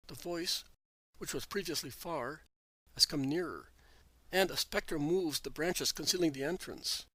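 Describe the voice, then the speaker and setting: A man giving a measured, earnest scripted narration of a religious text. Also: on the high side, fairly bright tone, slightly rough, dry recording.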